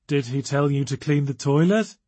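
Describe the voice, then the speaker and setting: A man's voice: fairly high pitch, moderate pace, dark tone, dry recording, close to an everyday voice. A man voicing a nervous, awkward teenage schoolgirl who rambles in a quivering way. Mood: distracted.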